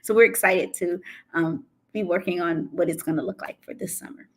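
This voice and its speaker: A husky, fairly low-voiced middle-aged woman hosts a relaxed conversation. She talks in a reflective, encouraging way, nudging young guests to share. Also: normal speed. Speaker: program director and host. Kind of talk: casual talk-show chat.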